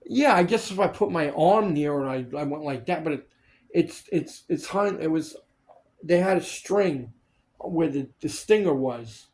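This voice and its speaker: A man's voice: fairly high pitch, expressive, measured pace, a little mellow. A man in casual chat, telling stories of film work, acting out the people he quotes and swearing freely. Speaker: storyteller recalling film work.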